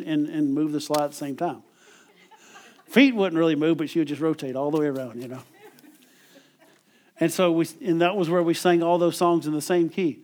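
A man's voice: on the high side, darkish tone, a little hiss or hum. Chatty man preaching a sermon. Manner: conversational, repeats and restarts words, chuckles often.

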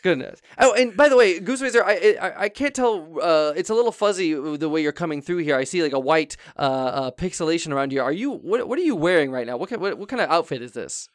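A man's voice: a little high, lively intonation, fast talker, few pauses, no room sound, clean studio sound. A man playing a flustered talk show host in an improvised comedy interview, stammering through many restarts.

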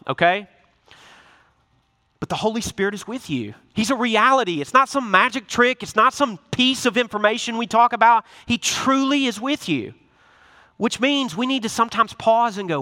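A male pastor giving a lively, conversational sermon, acting out little asides as he goes. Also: high voice, a little fast, big-room sound. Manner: animated, conversational preaching with acted-out asides.

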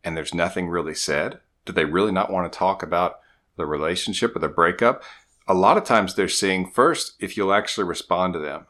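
A middle-aged man, a relationship coach, explaining things to the camera in a calm, steady advice monologue. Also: deep voice, fairly quick.

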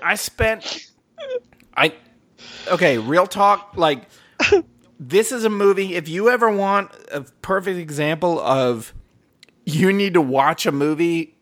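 A man's voice: high-pitched, slow, long pauses, no room sound. Male podcast host, rambling comic storyteller, salty language, close dry sound. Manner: animated, profane, rambling. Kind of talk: casual chat, comedic storytelling.

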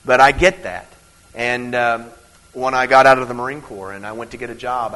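A man preaching an evening sermon in an earnest, conversational way, moving between emphatic teaching and quiet personal stories. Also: mid-range voice, poor audio. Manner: earnest, conversational preaching with many restarts and fillers. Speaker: pastor.

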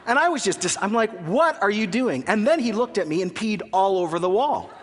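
A man in his thirties delivers a sermon from the pulpit, telling a personal story with lively, self-deprecating humor before turning to his point. His voice sits a little high for a man. Long reverb rings around him from a big church hall. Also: a little fast, slight background noise. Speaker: pastor.

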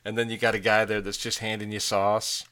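A man in his forties tells a story in a rambling, self-mocking way. His voice sits fairly low but sounds forceful and bright. He laughs often as he goes. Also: flat delivery, brisk. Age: 40s. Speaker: podcast co-host. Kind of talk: casual chat.

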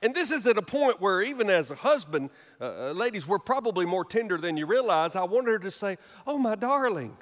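A middle-aged man preaching a sermon as pastor, telling humorous stories with animated delivery in a church sanctuary. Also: sits high, brisk, hardly any pauses. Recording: long reverb of a large hall.

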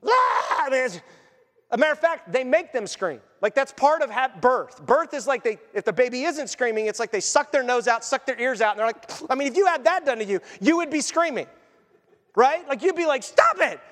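A man preaching a sermon as pastor, animated, acting out voices and joking along the way. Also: very high voice, a little fast, long reverb tail. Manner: animated, acts out voices and jokes.

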